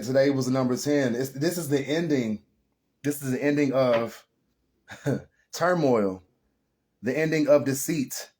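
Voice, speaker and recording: A tarot reader with a mid-range, slightly mellow voice gives viewers a casual spiritual reading. He speaks earnestly and emotionally, rambling a bit and calling his audience "y'all."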